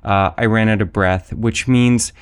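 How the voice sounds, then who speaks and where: A man's voice: on the low side, steady tone, measured pace, clear, resonant tone, dry recording. A man talking through his podcast intro in a rambling, self-mocking way, full of fillers. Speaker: podcast host. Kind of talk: casual solo podcast monologue.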